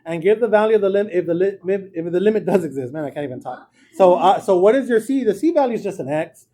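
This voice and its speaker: A man's voice: high voice, expressive, fast, mellow. A man teaching a math class in a classroom, explaining each step in a casual way. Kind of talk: classroom lecture.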